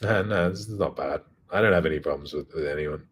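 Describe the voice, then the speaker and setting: A man's voice: rumbling low, fast talker, slight background noise. A man hosting his own show, talking in a blunt, profane, casual monologue. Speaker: host.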